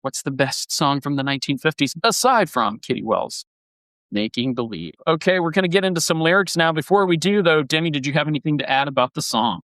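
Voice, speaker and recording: A man's voice: on the high side, expressive, fairly quick, a bit bright, no echo. A man hosting a music podcast in casual chat, enthusiastic and rambling, often restarting his sentences. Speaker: podcast host.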